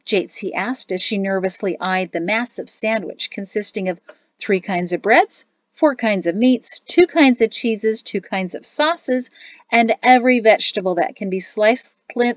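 A woman narrates an audiobook in a steady, even storytelling voice at a middle pitch. The recording is dry and close, with a slightly dull top end. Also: normal speed, dry recording. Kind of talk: scripted narration.

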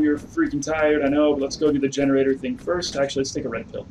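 A man's voice: mid-range voice, fairly quick, distant mic, slight background noise, rough recording. A man giving let's play commentary on a horror game, talking to himself, humming along and yelping when scared. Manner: excitable, talks to himself, hums along, yelps when scared. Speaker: gamer playing a horror game. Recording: voice a bit off-mic over clear game music.

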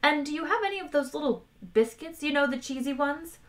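A woman's voice: sits high, brisk, pitched above the performer's own voice, natural voice. A woman voicing a casual, polite man placing a drinks order. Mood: breezy.

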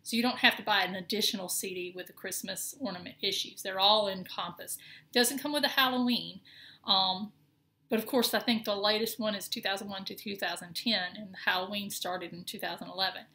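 This middle-aged woman has a Southern accent and a brisk, bright, forceful mid-range voice that stays steady in tone. She gives a casual show-and-tell of her cross-stitch work, rambling a little and filling her talk with ums and restarts.

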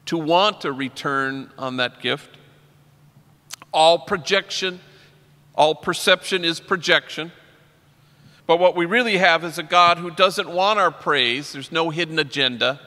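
Man, priest, keynote speaker, clear bright voice, slightly high, booming hall echo, storytelling talk. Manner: story-driven, quotes poets and people he works with. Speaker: priest giving a conference keynote. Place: large conference hall. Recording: long hall reverb.

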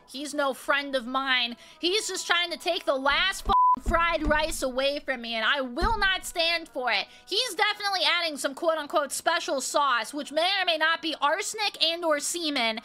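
A woman's voice: high-pitched, moderate pace, few pauses, pushed and bright, slight background noise. A woman giving crude, sarcastic game commentary as a video host, ranting and swearing.

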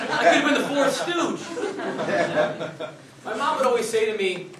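A man's voice: extremely high pitch, expressive, takes it slowly, pauses often, pushed and bright. A middle-aged man giving a humorous contest speech, chatty and self-mocking, talking straight to the audience. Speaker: contest speaker. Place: meeting hall before an audience. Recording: echoey hall, distant mic, noisy.

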